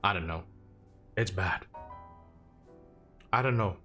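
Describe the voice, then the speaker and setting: A man's voice: deep voice, slow pace, pushed and bright, soft background music. A young man with a Finnish accent chatting casually on a game stream, self-deprecating and talkative. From Finland. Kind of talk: casual gaming stream chat.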